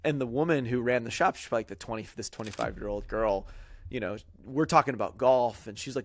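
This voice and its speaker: This podcast host is a man with a mid-range voice who talks fast. In casual chat, he tells a long, rambling story packed with fillers and quoted voices.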